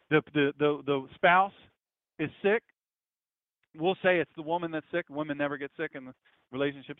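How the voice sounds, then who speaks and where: A man's voice: a little high, no echo. A male preacher giving a sermon-style talk, telling stories animatedly and repeating his phrases. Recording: dry tinny phone-like sound.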